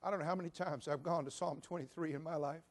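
A man's voice: fairly high pitch, fairly even intonation, fast talker. A man preaching a sermon to his church, telling a story in a conversational way. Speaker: pastor. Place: church sanctuary.

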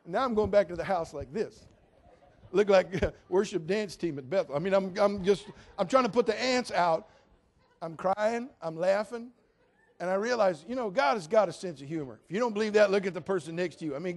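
A male pastor with a high voice delivers a storytelling sermon. He preaches in a folksy, animated way with plenty of humor, talking directly to the people in front of him.

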